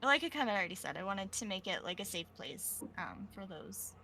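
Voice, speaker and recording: A soft-spoken, quiet woman chatting casually as a guest on a stream, laughing often. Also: mid-range voice, big pitch swings, brisk, vocal fry, a little hiss or hum. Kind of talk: casual chat. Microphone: home streaming mic.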